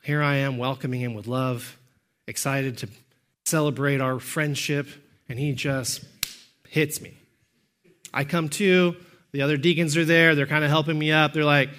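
A man delivers a sermon as pastor with fairly even intonation overall, yet he grows emphatic and shouts on key points. Between those peaks he tells stories quickly and quietly.

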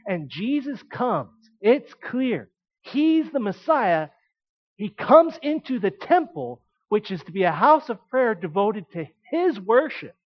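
High-voiced man preaching a lively sermon. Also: husky, dull audio. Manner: animated, conversational preaching with emphatic asides.

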